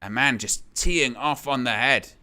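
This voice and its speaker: A man hosting a wrestling watch-along, giving excitable live play-by-play and reading out viewer comments. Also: medium pitch, a little slow. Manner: excitable, exclaims at big hits, reads chat aloud.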